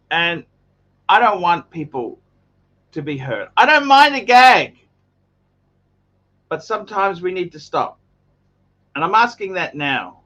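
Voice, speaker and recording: A man's voice: fairly high pitch, sharp tone, dull audio. An Australian man hosting a livestream in casual chat, earnest and repetitive, stumbling over restarts. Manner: earnest, repeats himself, stammers on restarts. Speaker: livestream host.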